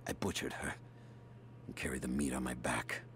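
A grim, weary soldier. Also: male voice, little pitch movement, moderate pace, a little hiss or hum. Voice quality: very deep, grave, hushed. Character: weary, obsessed soldier hunting a prophet. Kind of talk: game journal narration.

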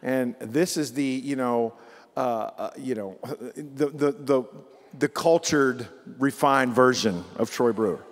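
A male pastor telling a story in a sermon, animated and repeating phrases for emphasis. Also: mid-range voice, slow. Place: church sanctuary. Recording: long church hall reverb.

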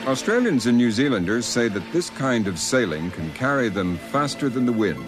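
A man narrating a documentary in a measured, expressive scripted delivery. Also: mid-range voice, loud music behind the voice.

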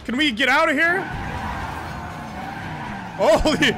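High-voiced gamer guy yelling in disbelief, super animated, noisy background. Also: a little slow, pauses often. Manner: shouty, laughing disbelief. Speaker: let's player. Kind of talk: gaming reaction commentary.

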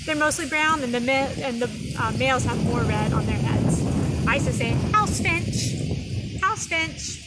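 Woman preschool teacher, high and unhurried, sing-song and exaggerated, noisy home recording. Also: steady tone. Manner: gentle, sing-song, exaggerated for small children. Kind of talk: video lesson for young children. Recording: noisy background.

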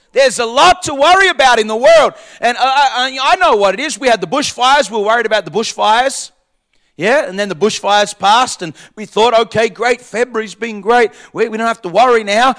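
A pastor delivers a sermon in a very high voice for a man. He repeats key lines for emphasis, rising to shouted points and then dropping to quiet, conversational asides. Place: church.

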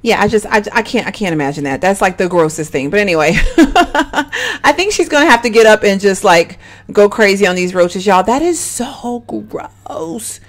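A woman giving animated, exclaiming let's-play commentary and chatting straight to her viewers. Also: medium pitch, a little fast. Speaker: gaming channel host.

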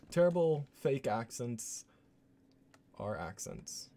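A man streaming a horror game, chatting casually and joking as he plays. His voice is low and warm. He laughs often and talks in a loose, chatty way. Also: animated, measured pace, long pauses. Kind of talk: casual gameplay commentary.

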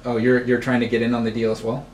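A man running a tabletop game as game master, describing scenes in plain, unhurried narration. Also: mid-range voice, monotone, darkish tone. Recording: roomy, distant mic with background noise.

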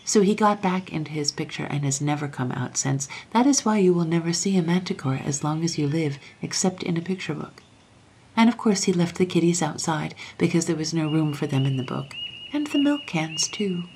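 A woman reading a classic children's story aloud as a storyteller, soft and often half-whispered. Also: low voice, a little fast, husky.

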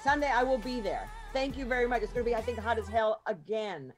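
A woman hosting a podcast panel in casual chat, talking freely with lots of ums and quick asides. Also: on the high side, lively intonation, faint music behind. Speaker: podcast host and producer.

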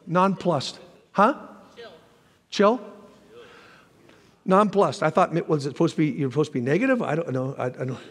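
A man preaching a sermon as pastor, animated, with folksy asides to the congregation and sudden shouted lines. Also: high-pitched, slightly rough, long reverb tail. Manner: animated preaching, jumps to shouts when voicing God.

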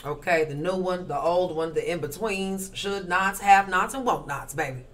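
A woman's voice: lowish voice, normal speed. A woman giving a casual tarot reading to camera, brash, profane and slangy, rattling off rhythmic lists and smoking while she talks. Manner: smoking and crunching ice while talking. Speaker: tarot reader.

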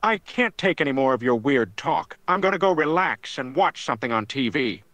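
A man's voice: medium pitch, lively intonation, moderate pace, a bit bright, dry recording, close to an everyday voice. A text-to-speech voice playing a grumpy older man who scolds and bosses people around. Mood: scolding. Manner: scolding, bossy and easily annoyed. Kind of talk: text-to-speech chatbot character.

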